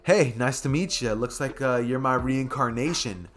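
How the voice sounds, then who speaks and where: A man's voice: mid-range voice, normal speed, a bit bright, faint music behind, lightly acted. Deku, a man voicing a friendly young hero mentor. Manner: easygoing, hesitant with fillers.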